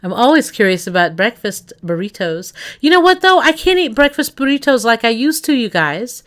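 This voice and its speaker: A woman's voice: on the high side, big pitch swings, normal speed, fairly bright tone. A woman livestreaming in casual chat, rambling and talking straight to her viewers. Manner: rambling, chatty, addresses chat directly.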